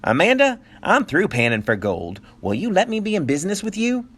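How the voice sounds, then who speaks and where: A cheerful pioneer father from a storybook, as a male reader acts him out, sing-song and lively. His voice swings widely in pitch as he croons. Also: a little fast, husky, heavily acted. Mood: warm. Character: cheerful pioneer father, baker who sings.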